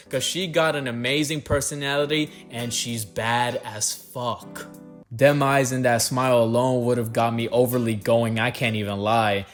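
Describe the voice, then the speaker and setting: A young man narrating a comedic movie recap in heavy slang, animated and quick to burst out in mock disbelief. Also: mid-range voice.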